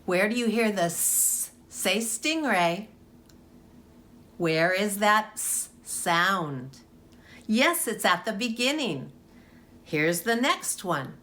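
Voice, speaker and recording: A woman teaching a kindergarten phonics lesson, speaking clearly and encouragingly and drawing out the sounds. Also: medium pitch, a bit bright. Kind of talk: phonics lesson for young children.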